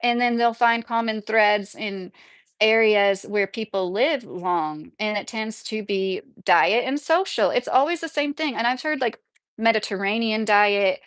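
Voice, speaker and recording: A woman's voice: mid-range voice, unhurried, fairly bright tone, clear, resonant tone, dry recording. A woman hosting a livestream, chatting casually with her viewers, rambling and full of "like.". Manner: rambling, filler-heavy with frequent "like". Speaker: livestream host reading chat. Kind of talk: casual live chat.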